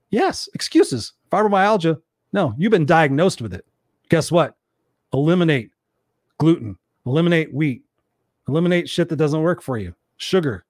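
A man's voice: a little high, expressive, normal speed, dry recording, studio quality. A man giving a blunt, profane motivational monologue, hammering his points home with rhetorical questions. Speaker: motivational speaker.

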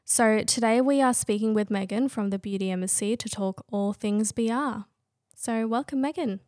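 A young adult woman co-hosting a podcast, relaxed and upbeat. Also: a little high, normal speed, no room sound, clean studio sound. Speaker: podcast co-host. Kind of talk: casual podcast chat.

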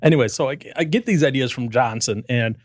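A man's voice: mid-range voice, quick pace, no room sound. Podcast host, male, rambling joker, mid voice, dead-dry mic. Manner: rambling, jokey. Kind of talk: casual chat.

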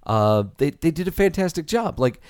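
A man's voice: fairly high pitch, big pitch swings, moderate pace, darkish tone, clear, resonant tone, no echo, clean studio sound. A man co-hosting a movie podcast, talking enthusiastically in a casual chat with rambling restarts. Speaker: podcast co-host.

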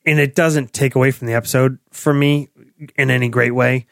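A man's voice: medium pitch, fairly even intonation, brisk, vocal fry, no echo, clean studio sound. A man co-hosting a podcast in a casual chat, opinionated and swearing freely. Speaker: podcast co-host.

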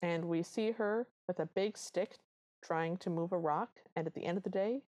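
A woman co-hosting a podcast, recapping a film in animated casual chat. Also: on the low side, moderate pace. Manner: animated storytelling. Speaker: podcast co-host.

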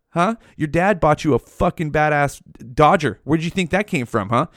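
A man's voice: on the high side, expressive, normal speed, few pauses, fairly bright tone, no room sound, studio quality. A man in his forties hosting a solo podcast, ranting heatedly with constant swearing, talking right up against the microphone in a small room at home. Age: 40s. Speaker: podcast host. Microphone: mouth right up against the mic.

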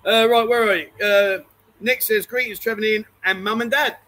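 A man's voice: sits high, steady tone, a little fast, sharp tone, low-quality recording. A man hosting a casual live stream from a bar, teasing his co-host and reading out viewer comments. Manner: teasing banter, reads viewer comments aloud.

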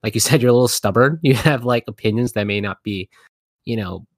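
A man's voice: medium pitch, fairly quick, no echo, clean studio sound. A man hosting a podcast interview, chatting casually in a rambling, laugh-filled way with lots of "like". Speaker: podcast host.

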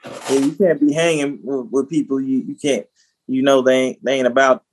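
A man's voice: mid-range voice, fairly even intonation, moderate pace, darkish tone, slight background noise, poor audio. A man co-hosting a podcast, answering with short casual replies and agreeing in chat. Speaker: podcast co-host.

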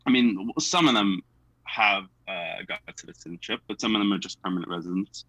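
A man's voice: low voice, a little fast, sharp tone, no echo, poor audio. A young man from the United States, chatting casually as an interviewee, self-deprecating and full of fillers.

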